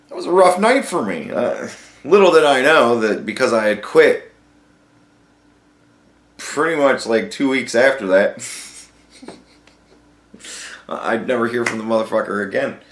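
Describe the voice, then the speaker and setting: A man's voice: medium pitch, fairly bright tone, roomy sound. A man hosting a podcast, telling a profane story in a casual, ranting monologue. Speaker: podcast host.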